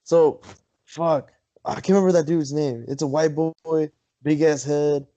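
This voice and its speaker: Rambling, swearing man with a mellow voice. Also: fairly high pitch, fairly even intonation, measured pace. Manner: rambling storyteller, swears a lot, laughs often. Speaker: podcast co-host telling a story. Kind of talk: casual chat.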